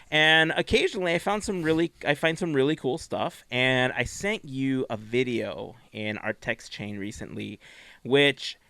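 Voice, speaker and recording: Podcast co-host, male, bright and smooth, easygoing chat, dry close mic. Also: a little high, dry recording. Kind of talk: casual chat.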